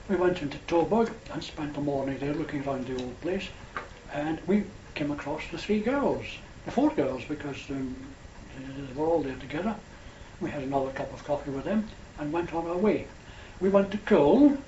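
A man's voice: on the high side, darkish tone. An older Scottish man recalls an old journey in a slightly raised voice, meandering and correcting himself as he goes. The recording is dull and lo-fi, with a roomy echo and a faint hiss underneath. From Scotland. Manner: rambling, unhurried, with hesitations and self-corrections. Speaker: storyteller. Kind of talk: oral history reminiscence.

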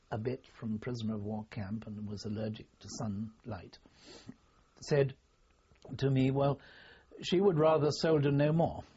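Husky older Englishman, reminiscing. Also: on the low side, a little mellow. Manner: halting, formal, with many pauses and fillers. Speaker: interviewee. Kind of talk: oral history reminiscence. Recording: dull lo-fi recording.

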